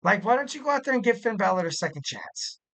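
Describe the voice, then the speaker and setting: A man's voice: high voice, very animated, fast talker, a bit bright. A man hosting a casual solo wrestling podcast, rambling and jokey, with lots of filler words. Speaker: podcast host.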